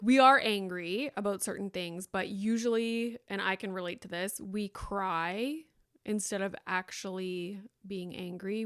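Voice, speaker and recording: Chatty young mother with a smooth voice. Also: no echo, clean studio sound. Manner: candid and chatty, with frequent likes and ums; mimics others in higher, brighter voices. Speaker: podcast host. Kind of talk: casual solo podcast talk.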